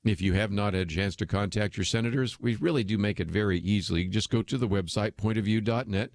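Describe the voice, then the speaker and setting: Low-voiced man hosting talk radio. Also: fast talker, gravelly, dry recording, clean studio sound. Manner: earnest, persuasive, frequent fillers and restarts. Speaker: radio talk show host. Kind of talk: radio commentary monologue.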